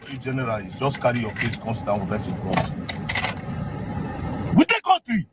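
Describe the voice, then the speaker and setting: A Nigerian man giving a heated, mocking commentary, repeating himself and slipping into Pidgin with loud outbursts. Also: medium pitch, huge pitch swings, normal speed, heavy background noise. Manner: mocking, repetitive, shouting outbursts, switching into Pidgin.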